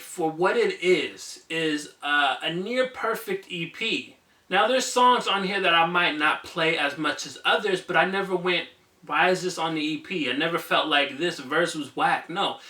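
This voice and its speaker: A man's voice: a little high, sharp tone, far from the mic. A man reviewing an album for his channel in a casual, enthusiastic, conversational way. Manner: enthusiastic, conversational, some fillers. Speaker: music reviewer, channel host. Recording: echoey room, voice a bit off-mic.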